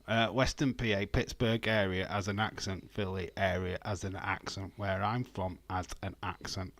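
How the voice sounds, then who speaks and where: Yorkshire man, low and unhurried, dry close-mic streamer who banters and swears. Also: steady tone, vocal fry, a bit bright, no room sound. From Yorkshire, England. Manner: rambling, banter-filled, swears. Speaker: wrestling watch-along streamer. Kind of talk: casual live-stream chat, reading comments.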